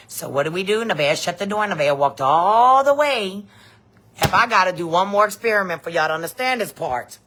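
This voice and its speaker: A woman, telling a story in a blunt, profane, animated vlog rant. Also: lowish voice, moderate pace. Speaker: vlogger.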